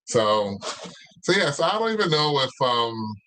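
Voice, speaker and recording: A man's voice: medium pitch, big pitch swings, measured pace, sharp tone, poor audio. Laid-back man chatting over a laptop. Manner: rambling, laid-back, many fillers. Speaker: guest cook. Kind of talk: casual chat over video call. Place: home kitchen, indoors. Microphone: laptop mic on video call.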